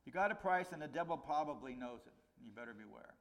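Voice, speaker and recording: A middle-aged man preaching a conversational sermon, his voice rising on key points and dropping low on warnings. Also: expressive, fast. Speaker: pastor.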